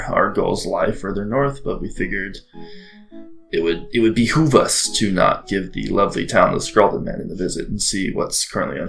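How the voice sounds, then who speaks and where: A man's voice: on the low side, gravelly, fairly bright tone, low-quality recording. A man playing in a tabletop game, casual and polite, speaking over faint music. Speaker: player.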